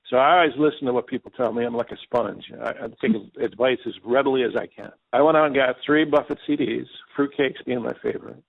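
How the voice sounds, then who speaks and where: A man's voice: medium pitch, fast talker, creaky, few pauses. A man from Michigan, a singer-songwriter guest, telling rambling stories with quoted dialogue in an interview. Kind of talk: interview storytelling. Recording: tinny phone line.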